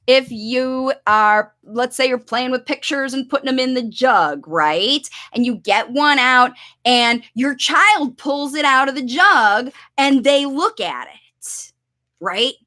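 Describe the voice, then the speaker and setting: A woman coaching parents in an instructional video, talking them through a play demonstration and acting out excited voices for a child. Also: high-pitched.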